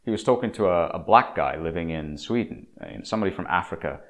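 Deep-voiced man lecturing emphatically. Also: lively intonation, fast. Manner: emphatic, preachy, stumbles and repeats words. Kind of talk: opinionated monologue.

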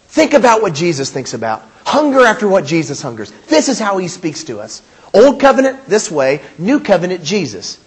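A male pastor delivering a sermon, his voice somewhat higher than most men's and noticeably husky. He preaches emphatically, repeating key phrases and putting questions to the congregation.

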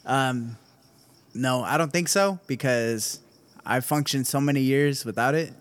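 A man's voice: mid-range voice, unhurried. A young man co-hosting a podcast, chatting casually, laughing often and swearing freely. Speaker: podcast co-host. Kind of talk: casual chat.

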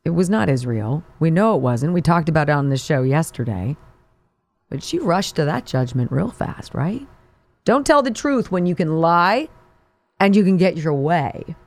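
A woman's voice: sits low, big pitch swings, normal speed, darkish tone. A woman hosting an opinion talk show, delivering sarcastic and mocking commentary.

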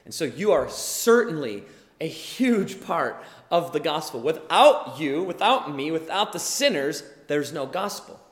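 Earnest young preacher in an echoey hall. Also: male voice, on the high side, sing-song, unhurried. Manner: earnest, explanatory, builds to emphatic bursts. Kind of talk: sermon. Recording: echoey hall with long reverb.

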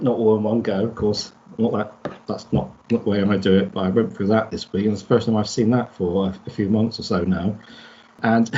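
A man talking on a podcast panel in a loose, rambling way. He often stops to correct himself and circles back. His voice sits at a middle pitch, and the audio is a little muffled. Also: darkish tone. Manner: rambling, self-correcting storyteller. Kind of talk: casual chat.

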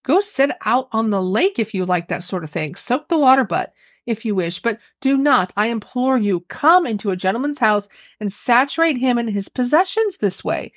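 An exasperated gentleman, soaked through, who stays stiffly polite while his sarcasm leaks out, as a woman reads him. The voice sits at a middling pitch. It is recorded dry and a bit muffled. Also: lively intonation, normal speed, dry recording. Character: brave, exasperated gentleman, master of the hall.

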